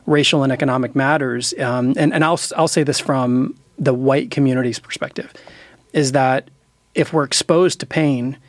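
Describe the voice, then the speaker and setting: A man's voice: medium pitch, steady tone, normal speed, no echo. Middle-aged male pastor-author, sincere reflective delivery, dead-dry room. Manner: earnest, emotional, reflective. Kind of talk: heartfelt conversation.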